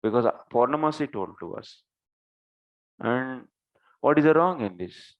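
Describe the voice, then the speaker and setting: Man, scripture lecturer, recites Sanskrit then explains, slow unhurried delivery. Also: medium pitch, animated, phone-quality sound. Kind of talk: scripture class with Sanskrit verses.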